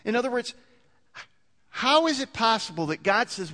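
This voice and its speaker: Animated male preacher in a reverberant hall. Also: very high-pitched, normal speed. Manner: conversational, builds to emphatic peaks with many restarts. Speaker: pastor. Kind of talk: sermon.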